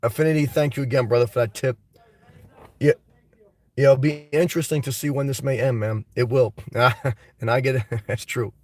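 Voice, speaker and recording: A man hosting a casual live stream, reading viewer comments and rambling about them in an animated way. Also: medium pitch, normal speed, pauses often, distant mic.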